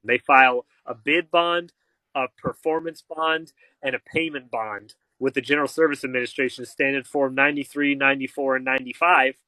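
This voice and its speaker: A man, a guest in an interview, telling a story in an animated way and acting out the people he quotes. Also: medium pitch, no echo, rough recording. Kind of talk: storytelling in conversation.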